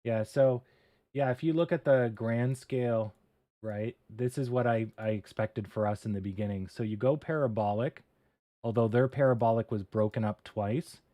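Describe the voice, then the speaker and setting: A man's voice: medium pitch, moderate pace. A man hosting a casual livestream, talking things through as he works and swearing lightly at his own slips. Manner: relaxed, muttering, swears and laughs at his own mistakes. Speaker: livestream host. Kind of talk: casual livestream chat while coding and reading charts.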